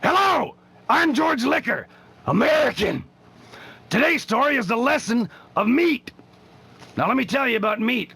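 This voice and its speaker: A gravelly, shrill macho all-American blowhard. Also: male voice, lively intonation, moderate pace, long pauses, sharp tone, full character voice. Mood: boastful. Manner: declaiming like a pitchman. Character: brash macho all-American man, blustering.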